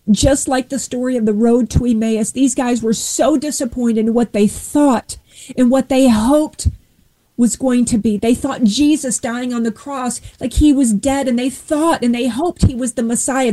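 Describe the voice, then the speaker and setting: High pitched woman giving an earnest faith testimony, mellow warm voice. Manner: earnest, retells Bible story vividly. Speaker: guest sharing testimony.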